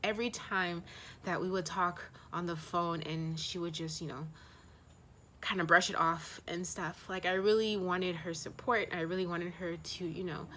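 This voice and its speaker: A woman's voice: lowish voice, fairly even intonation, moderate pace, fairly bright tone, slight background noise. A young woman from the United States talking candidly in a personal travel vlog, heartfelt and rambling with lots of fillers. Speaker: travel vlogger.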